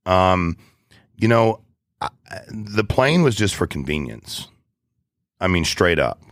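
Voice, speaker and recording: A man in his forties with a very low voice, chatting in an interview. He rambles, restarts and speaks bluntly in casual slang. The sound is dry and close to the mic. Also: sing-song, slow, fairly bright tone, no room sound. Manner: rambling, blunt, drops into slang like "dude" and "ain't". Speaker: guest, business owner.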